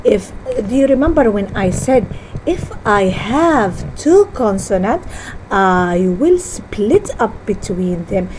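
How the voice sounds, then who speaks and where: Woman teacher, slow careful lesson delivery, lively rising and falling pitch, mellow tone with a faint hiss behind. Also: poor audio. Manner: slow, deliberate teaching with word-by-word repetition; self-correcting, halting phrasing. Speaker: English teacher. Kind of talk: classroom lesson on syllables.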